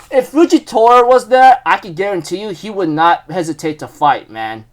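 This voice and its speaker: Young man, high voice, rambling manga recap, excitable, lots of fillers. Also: moderate pace. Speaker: manga chapter reviewer. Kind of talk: casual chapter recap.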